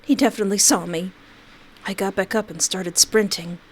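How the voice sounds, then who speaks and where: A woman game streamer reading a visual novel aloud, breaking into excitable, yelling reactions. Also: medium pitch, normal speed, breathy edge.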